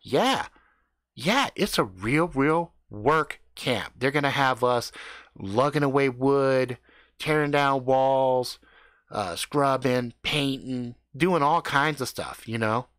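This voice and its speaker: A man's voice: mid-range voice, a bit bright, no room sound, studio quality. A man voicing a laid-back, streetwise teenage boy who drawls his words. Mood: matter-of-fact. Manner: slow, drawn-out, full of "like".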